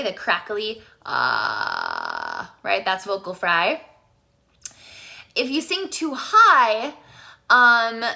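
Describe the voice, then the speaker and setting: A woman singing teacher giving a casual live vocal lesson, chatty and quick to laugh, with allergies. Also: on the high side, bright, forceful tone. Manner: chatty, laughs often, switches between speaking and singing. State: allergies, sneezing.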